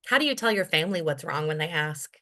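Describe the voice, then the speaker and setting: A woman's voice: low voice, animated, fast, fairly bright tone. A woman performing her spoken-word poetry as the featured poet at an open mic, in a rhythmic, rhyming, intense delivery. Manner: wry, self-deprecating asides between poems.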